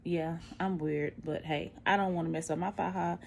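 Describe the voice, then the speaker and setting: A woman's voice: fairly low pitch, steady tone, moderate pace, creaky, a little mellow, slight background noise. A middle-aged woman, chatting candidly to a phone camera at home, out of breath and tired after surgery. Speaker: vlogger. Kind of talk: casual post-surgery recovery vlog.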